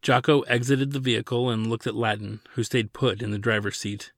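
A man's voice: medium pitch, flat delivery, brisk, no room sound. A man narrating his own science fiction serial as an audiobook, reading steadily.

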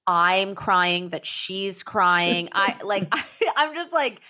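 A woman in her thirties chatting casually as a podcast guest, filling her speech with "like" and acting out quotes in a higher voice. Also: animated, slow pace, pushed and bright. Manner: chatty, fills with "like", acts out quotes in a high voice. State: pregnant. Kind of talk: casual chat.

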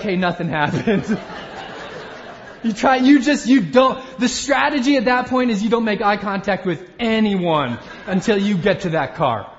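A man in his thirties delivers a sermon, mixing personal storytelling with self-deprecating humor. His voice sits very high for a man. The sound is slightly dull and carries a long hall reverb, like a church auditorium. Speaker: pastor.

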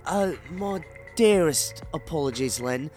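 A podcast co-host putting on an overpolite Cockney accent, full of rhyming slang. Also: male voice, lively intonation, a little slow, darkish tone, faint music behind. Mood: chirpy. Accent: mock Cockney. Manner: high, bouncy and overpolite. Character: chirpy overpolite Cockney man.

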